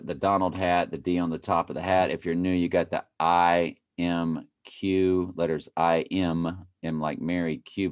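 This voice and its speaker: Speaking in a low voice, a man plays a video and comments over it casually and playfully, chanting phrases back in mockery and bursting into sudden exclamations.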